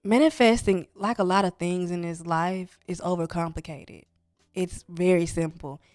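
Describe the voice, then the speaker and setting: A woman's voice: fairly low pitch, steady tone, normal speed, darkish tone, dry recording, studio quality. A woman co-hosting a podcast, talking in a reflective, earnest way. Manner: reflective, earnest, speaks in spiritual terms. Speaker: podcast co-host. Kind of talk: casual chat.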